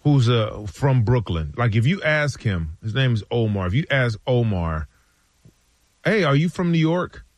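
A man co-hosting a casual sports talk show, telling stories with animated delivery and acting out his friends' lines. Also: mid-range voice, a little slow, dry recording.

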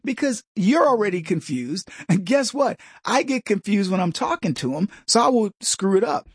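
Man, show host, husky voice, dry close sound, rambling opinionated commentary. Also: high-pitched, very animated, normal speed, no echo. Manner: rambling, mimics other voices in anecdotes.

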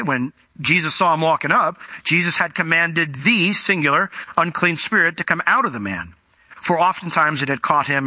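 Guy preaching a sermon, super bright voice, a bit high, dead dry sound. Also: no echo. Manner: animated, acts out quoted voices, varies pace.

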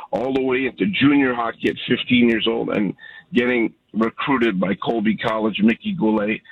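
A husky, gravelly man in his sixties from Canada calls in to a radio talk show, telling a heartfelt story in a rambling, emotional way. His voice comes through a dull, lo-fi phone line with a dry, close sound. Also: mid-range voice, dry recording. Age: 60s. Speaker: caller.

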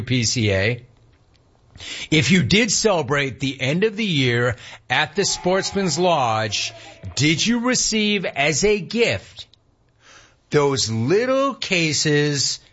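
A man in his forties hosts a sports talk show, telling loose stories and reading the live chat aloud. His pitch swings widely, full of lively ups and downs. The sound is a little dull and lo-fi, as from a modest stream setup. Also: slow. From Southern California. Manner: animated, rambling storyteller who mimics his dad.

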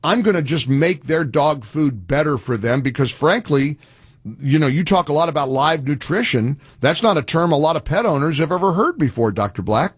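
Earnest, husky-voiced male radio host. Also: a little high, expressive, normal speed, no echo, clean studio sound. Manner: earnest and pleading, with frequent restarts. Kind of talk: talk radio appeal and sponsor chat.

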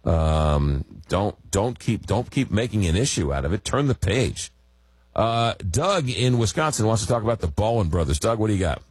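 A lower-voiced man hosts a late-night call-in radio show. His husky voice swings lively up and down as he rambles through stories. The studio sound is dry and close. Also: normal speed, no echo. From Long Island, New York. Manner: rambling storyteller, animated, self-deprecating. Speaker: radio talk show host. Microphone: studio microphone.

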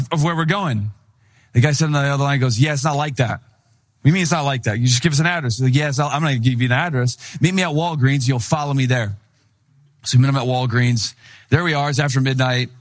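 Young pastor telling a lively story. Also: male voice, fairly high pitch. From Wisconsin. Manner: animated storytelling, acting out quoted voices. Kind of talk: sermon.

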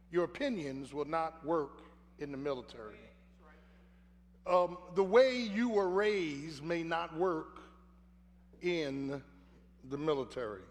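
An older man preaching a sermon, telling his own story earnestly with repeated phrases. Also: on the high side. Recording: echoey hall, faint hum.

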